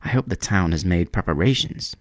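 A man's voice: deep voice, animated, a little fast, no echo, clean studio sound. A man voicing a fussy, self-important little male swallow in a storybook reading. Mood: pompous.

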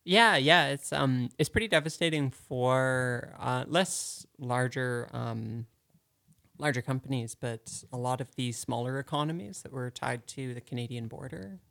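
A man co-hosting a radio show in a studio, talking casually and thoughtfully, pausing often with ums. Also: mid-range voice, creaky, fairly bright tone, no echo. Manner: hesitant, many ums, thoughtful. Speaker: radio co-host.

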